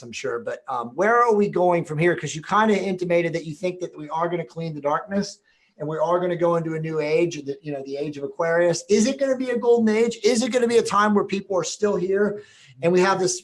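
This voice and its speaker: A man hosting a casual spiritual discussion, talking in a rambling way with many fillers. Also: fairly high pitch. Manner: rambling, filler-heavy questions. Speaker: podcast host.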